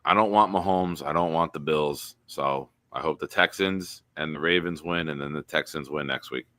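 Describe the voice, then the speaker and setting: At a normal pace, a low-voiced man hosting a relaxed sports stream animatedly voices comments from his chat, his tone bright and forceful. The audio is close and dry, with no echo.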